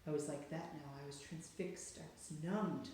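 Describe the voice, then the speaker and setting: Brief: storybook narrator, dramatic and suspenseful, mid pitch, very echoey room, faint hum. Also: moderate pace. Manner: dramatic, hushed and then rising with suspense. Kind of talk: storybook read-aloud narration.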